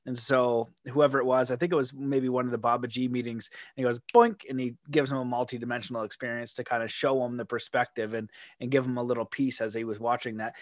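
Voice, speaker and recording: A man's voice: mid-range voice, no room sound, studio quality. A man hosting a podcast interview, telling stories in a loose, rambling way and slipping into playful paraphrased quotes. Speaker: podcast host. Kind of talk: casual conversational interview.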